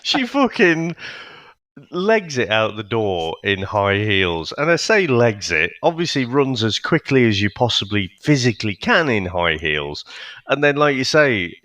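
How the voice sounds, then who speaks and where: A man's voice: lowish voice, very animated, a little slow, a bit bright, no echo. A man co-hosting a podcast, chatting casually about a film with a wry, incredulous manner and frequent laughs. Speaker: podcast co-host. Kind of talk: casual film review chat.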